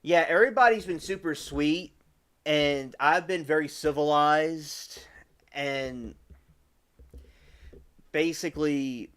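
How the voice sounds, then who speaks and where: Young male streamer, slightly high voice, rambling casual chat with viewers. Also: takes it slowly, long pauses, a bit bright, clear, resonant tone. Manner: rambling and chatty, with many restarts; addresses chat viewers by name. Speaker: live streamer.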